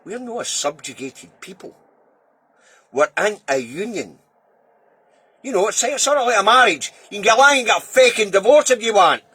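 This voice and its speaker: A Scottish man delivers a heated, sweary rant, his fairly high voice swooping up and down with every jab. The tone is bright and edgy but husky around the edges. The sound is close and dry. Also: very animated, normal speed, no echo. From Scotland. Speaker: political video commentator. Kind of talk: angry ranting monologue.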